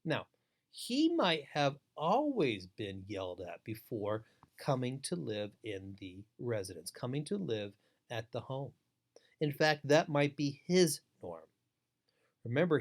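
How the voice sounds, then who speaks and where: A man's voice: mid-range voice, sing-song, a little slow. A middle-aged man delivering a webinar lecture as a foster care trainer, emphatic and repetitive, driving each point home.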